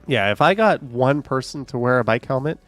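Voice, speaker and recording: A man's voice: medium pitch, expressive, fairly quick, fairly bright tone, no echo, faint music behind. A man hosting a casual livestream, reading out chat comments with joking, sarcastic asides and a bit short of breath.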